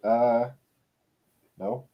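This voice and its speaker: A man co-hosting a podcast in casual chat, tossing in dry, quick jokes. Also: medium pitch, fairly even intonation, lo-fi sound. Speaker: podcast co-host.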